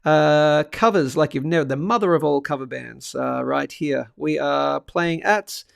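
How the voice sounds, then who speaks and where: A man's voice: a little high, unhurried, creaky, clear, resonant tone, no room sound, studio quality. A man hosting a casual livestream, joking around and reading out viewer comments. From Australia. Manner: chatty, jokey, reads out viewer comments. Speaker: livestream host.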